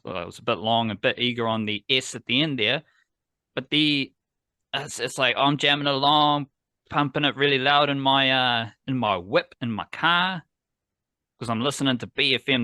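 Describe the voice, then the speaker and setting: Podcast host, New man, bright tone, dry close sound, rambling and excitable. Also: mid-range voice, dry recording. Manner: rambling, enthusiastic, playful. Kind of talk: casual sports podcast chat.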